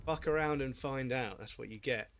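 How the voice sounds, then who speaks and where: A man's voice: mid-range voice, moderate pace, background noise. A man chatting casually while livestreaming a game, swearing and laughing at his own frustration. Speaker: streamer. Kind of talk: casual livestream gaming chat. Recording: game music playing behind.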